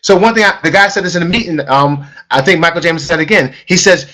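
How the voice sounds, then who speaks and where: A middle-aged man giving an energetic sales training talk, emphatic and repetitive, often asking the audience questions. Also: a little high, fast, hardly any pauses. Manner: emphatic, repeats himself, asks the audience questions. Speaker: network marketing trainer.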